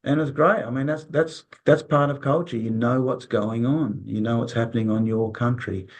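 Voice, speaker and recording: In an interview, a resilience consultant tells loose, casual stories in a mid-range voice with a steady tone and normal speed. He acts out quoted dialogue and tends to repeat words as he rambles.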